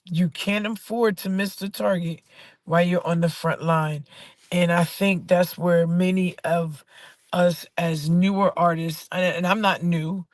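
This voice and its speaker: A woman who is a poet and artist talks in a fairly low voice about persevering and keeping faith, recorded cleanly in a studio without echo. Her casual, inspirational talk is emphatic, with phrases repeated for emphasis.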